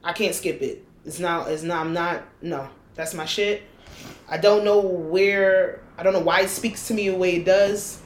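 Profane, animated woman in an echoey room. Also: fairly low pitch, moderate pace, a little hiss or hum. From United States. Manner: blunt, profane, animated storytelling. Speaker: podcast co-host. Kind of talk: casual chat.

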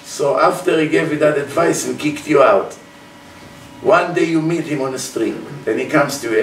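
Animated man teaching in an echoing room. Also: on the high side, normal speed. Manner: animated, acts out dialogues, drops verb endings. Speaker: religious teacher. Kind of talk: Torah class lecture. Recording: roomy echo, distant mic, faint noise.

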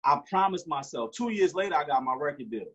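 A man's voice: fairly high pitch, lively intonation, quick pace, fairly bright tone, breathy edge. A man, telling a story in slangy street talk with frequent restarts. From Newark, New Jersey. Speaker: interview guest. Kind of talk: casual storytelling. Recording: dull lo-fi recording.

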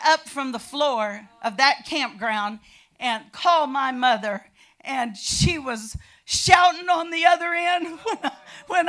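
Older woman, bright tone, animated church testimony with shouted peaks. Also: high-pitched, takes it slowly. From California. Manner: animated storytelling, bursts into shouting. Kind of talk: personal testimony.

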